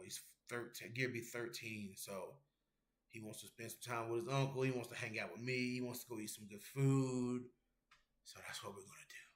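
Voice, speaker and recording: A man's voice: medium pitch, reverberant. Casual profane man chatting with his stream. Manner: loose, rambling and profane, reads chat messages aloud. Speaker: MMA show host. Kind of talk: casual livestream chat with viewers.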